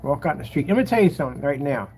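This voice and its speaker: Brief: male vlogger cracking himself up, swooping animated pitch, slangy mocking rant. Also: rapid-fire. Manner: jokey, laughs often, mocking; slangy, exaggerated. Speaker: screen paint seller. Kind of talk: casual ranting commentary.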